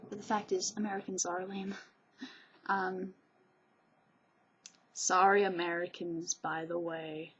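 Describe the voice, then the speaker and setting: A woman's voice: lowish voice, little pitch movement, slow, long pauses, lo-fi sound, a little hiss or hum. A woman vlogger rambling in a casual monologue, gushing, chatty and digressive.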